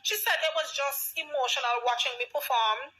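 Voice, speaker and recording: Young woman, Vincentian accent, high bright voice, tearful, voice breaking, tinny phone sound. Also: moderate pace. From Saint Vincent and the Grenadines. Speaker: dancehall artist. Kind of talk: emotional casual talk to fans.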